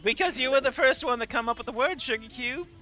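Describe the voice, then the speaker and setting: A folksy Southern ship commander, played by a man who drawls in a high, sharp voice and teases everyone with pet names. The put-on Southern accent is broad and playful, with faint music in the background. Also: fast. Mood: teasing. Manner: folksy, teasing, pet names like sugar cube.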